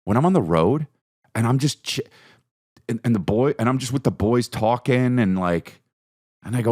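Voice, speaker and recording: The podcast host's voice is slightly rough as he tells a comic story at a normal pace, leaving long pauses. He's animated, acting out his own and others' quotes with big swings in pitch.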